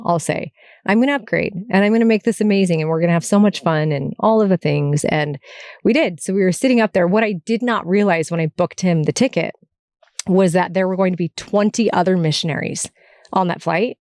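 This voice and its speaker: In a parked car, a middle-aged woman hosts her podcast, sharing an emotional personal story in a candid, chatty way with small laughs and frequent restarts and self-corrections. Her voice is lowish and slightly mellow, captured in a dry, studio-quality recording.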